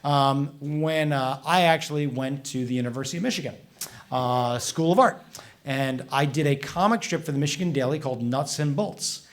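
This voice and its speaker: A man, a comics author, chatting with an audience at a library event and answering their questions, animated and quick to act out voices in his stories. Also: mid-range voice. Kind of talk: casual public talk.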